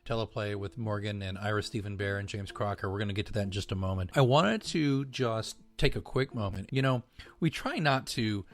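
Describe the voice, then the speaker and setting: A man's voice: on the low side, brisk. A man co-hosting a fan podcast, talking casually and rambling upbeat about the show and its merchandise. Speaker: podcast co-host.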